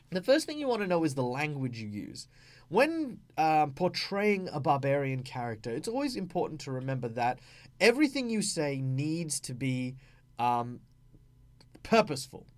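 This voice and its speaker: A man with an Australian accent, hosting a tabletop gaming channel, explaining in a chatty way with many fillers. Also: on the high side. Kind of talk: casual explanatory talk.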